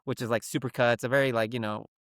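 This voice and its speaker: A man co-hosting a comedy podcast, telling a long story in an animated, rambling, profane way. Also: mid-range voice, fast, clean tone, dry recording, studio quality. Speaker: podcast co-host.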